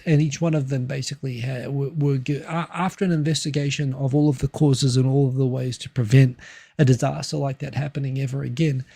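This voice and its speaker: A man's voice: medium pitch, vocal fry, mellow. A man from New Zealand with a New Zealand accent, hosting a casual livestream and reading viewer comments, rambling with many fillers and restarts. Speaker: livestream host.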